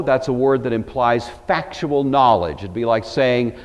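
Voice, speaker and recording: A man's voice: medium pitch, unhurried. Emphatic man teaching Bible, echoing hall. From Pacific Northwest. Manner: emphatic, wry, conversational asides. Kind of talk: Bible study lecture.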